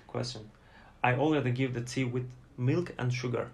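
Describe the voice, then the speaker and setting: A Turkish man with a Turkish accent appears as a flight attendant guest in a casual interview, telling stories about his airline work with lots of fillers and acted-out passenger lines. His mid-range voice is gravelly and steady, moving at a moderate pace with hardly any pauses. Slight background noise is present.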